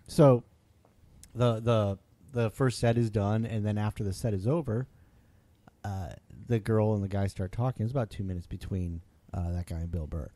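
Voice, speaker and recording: Animated man telling a story. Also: on the low side, moderate pace, no room sound. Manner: animated, acts out quoted voices, laughs often. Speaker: podcast host. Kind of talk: casual storytelling chat.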